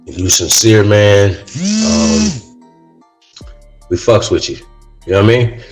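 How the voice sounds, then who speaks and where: A man's voice: lowish voice, wildly swooping pitch, slow pace, a little mellow, faint music behind, rough recording. A man hosting a casual talk show, speaking in a loose monologue that keeps landing on "man" and "right?", and getting heated as he goes. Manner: says "man" and "right?" often; gets heated. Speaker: podcast host.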